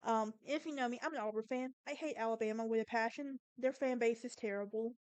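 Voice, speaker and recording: A woman's voice: a little high, fast talker, a little mellow, clean tone, no room sound. A Southern woman with a Southern US accent hosting a podcast, talking in a sassy, opinionated, emphatic way. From American South. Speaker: podcast host. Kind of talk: casual monologue.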